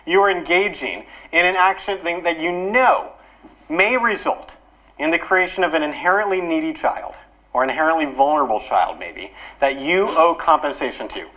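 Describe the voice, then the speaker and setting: A male workshop speaker explains ideas at a brisk clip. His pitch swings lively and expressive, and he keeps the room engaged with an animated delivery. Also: poor audio. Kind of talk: conference workshop lecture.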